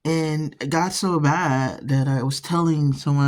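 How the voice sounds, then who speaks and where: A woman's voice: sits low, fairly even intonation, measured pace, hardly any pauses, a little mellow. A woman hosting an art channel, chatting casually while painting and rambling through stories with frequent restarts.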